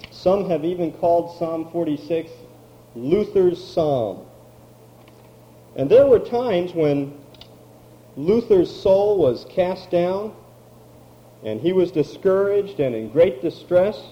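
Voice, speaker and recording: A man preaching a sermon, slow and emphatic, drawing out key words. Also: a little high, lively intonation, lo-fi sound. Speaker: pastor.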